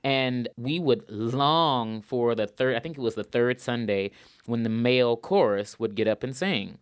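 A male opera singer answers interview questions earnestly and thoughtfully, repeating words for emphasis. His mid-range voice is unhurried, clear and resonant, recorded dry with clean studio sound.

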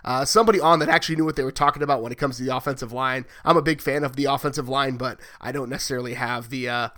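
A man's voice: mid-range voice, steady tone, rapid-fire, bright, forceful tone. A man hosting a sports podcast, chatty and joking, who asks long rambling questions. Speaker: podcast host. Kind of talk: casual sports podcast chat.

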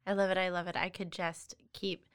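A woman's voice: on the low side, level tone, brisk. A woman hosting a podcast, chatting casually and affirming her guest. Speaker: podcast host. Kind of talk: casual interview chat.

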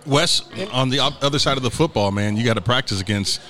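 A man hosting a podcast live at a restaurant, asking questions with fillers and restarts and dropping quick affirmations. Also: medium pitch, sharp tone. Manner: affirming interjections, hesitant with fillers. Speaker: podcast host.

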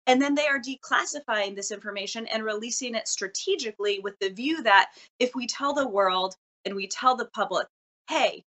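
A woman reporter explaining her reporting in an interview, articulate and brisk, sometimes correcting herself mid-sentence. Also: a little high, a bit bright. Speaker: news reporter. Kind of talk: news interview answers.

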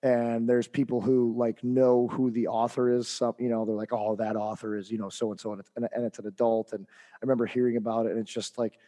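A man's voice: mid-range voice, flat delivery, brisk, mellow. A man co-hosting a hockey podcast, telling a heated coaching story in casual chat with lots of fillers and restarts.

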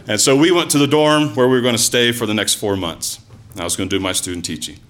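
A man telling a personal story live to an audience, in an animated, conversational way with lots of asides and fillers. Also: medium pitch, fast. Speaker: storyteller, former teacher.

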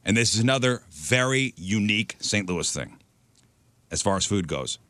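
A man hosts a radio show in a lively, joking way, and his pitch swings up and down a lot. His voice is bright and sits close to a dry microphone. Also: no room sound. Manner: animated, joking, drawn-out emphasis. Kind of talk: casual chat.

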